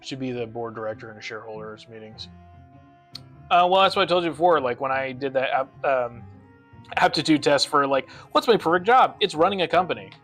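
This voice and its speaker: A man's voice: mid-range voice, expressive, brisk, a bit bright. A young man rambling and ranting with frequent swearing while chatting on a casual gaming stream, with game music behind him.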